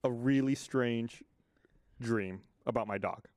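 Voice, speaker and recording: A man telling a story on a podcast, animated and swearing freely. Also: mid-range voice, takes it slowly, no room sound. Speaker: podcast regular. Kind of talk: casual storytelling. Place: podcast studio.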